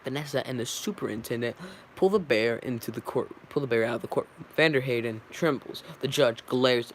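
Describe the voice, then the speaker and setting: Amateur male script reader, mid pitch, lots of self-corrections; faint hiss. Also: brisk. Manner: stumbling, self-correcting, with fillers. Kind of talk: reading a film script aloud.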